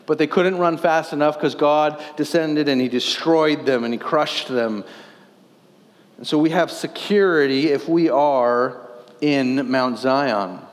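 A man's voice: on the high side, big-room sound. A man in his thirties, a pastor, preaching a sermon earnestly, posing questions and reading scripture aloud.

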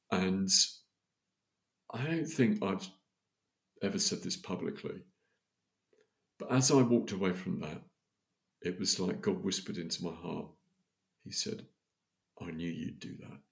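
A man's voice: deep voice, vocal fry. A man, a podcast guest telling a story in casual chat, acting out the voices of the people he quotes. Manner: animated, acts out quoted dialogue.

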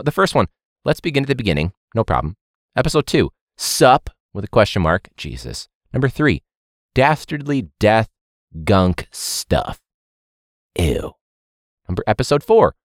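Ranting, lively-voiced male podcast host. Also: medium pitch, no echo, clean studio sound. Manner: rambling, swears, laughs often, sarcastic rants. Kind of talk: casual ranting monologue.

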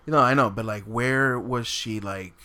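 A man in a casual group chat who asks quick, stumbling questions and jumps in with jokes. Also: mid-range voice, smooth. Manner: animated, quizzical, stumbles over questions.

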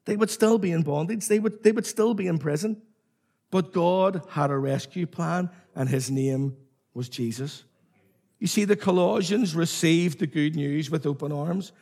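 Husky-voiced preacher man, emphatic. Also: on the high side, normal speed, a little mellow. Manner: emphatic, repetitive, calls on the congregation to respond. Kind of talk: sermon.

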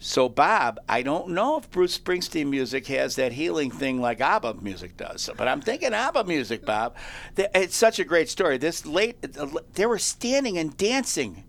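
A male talk show host excitedly telling feel-good stories in a chatty way, with frequent restarts. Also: fairly high pitch, moderate pace, vocal fry. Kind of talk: animated storytelling on a talk show.

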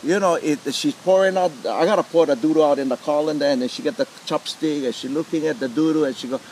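A man's voice: on the high side, quick pace, slight background noise, poor audio. A middle-aged man with a Hawaiian Pidgin accent, a lomi lomi practitioner telling stories in an interview and acting out quoted voices. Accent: Hawaiian Pidgin English. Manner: animated, acts out quoted voices. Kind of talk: storytelling interview.

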